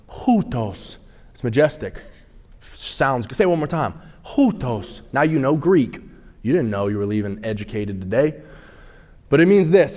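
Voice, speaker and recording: A young adult man preaching a sermon in a casual, conversational way, calling on the congregation to respond. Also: a little high. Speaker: pastor.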